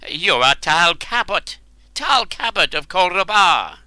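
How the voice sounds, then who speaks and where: A man's voice: animated, measured pace, bright, forceful tone, clear, resonant tone, no room sound, heavily acted. A man voicing a panicked, cowering man who stammers, screams and pleads for his life. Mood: panicked pleading. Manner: shrill, stammering, pleading cries.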